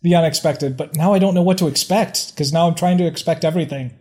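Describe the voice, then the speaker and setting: A man co-hosting a casual comedy podcast talks fast in a slightly high, darkish voice. He often stammers and restarts his sentences.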